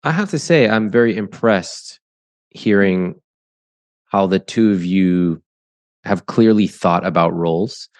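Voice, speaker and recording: A man with a lowish voice leads a podcast interview with a couple, asking quick and pointed questions. He affirms their answers plainly. The sound is dry and close, with no room around him. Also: fairly even intonation, no room sound. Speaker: podcast host, money coach.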